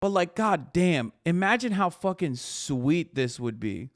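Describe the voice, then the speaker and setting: Profane streamer, fairly high voice. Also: male voice, very animated, a little slow, no room sound, clean studio sound. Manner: profane, mocking, laid-back. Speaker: streamer reacting to a clip. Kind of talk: casual reaction commentary.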